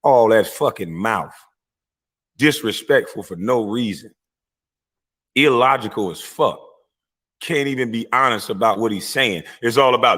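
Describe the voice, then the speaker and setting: A man delivers a heated live-stream rant. His voice sits at an ordinary pitch, blunt and profane, and he swings into loud mocking voices when he quotes his rivals. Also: moderate pace.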